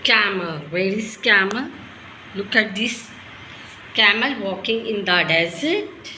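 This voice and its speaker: A woman gives toddlers an animal lesson in simple, question-filled sentences. She has a medium pitch and a sharp tone, speaking slowly and animatedly with frequent pauses. The recording is echoey with faint noise.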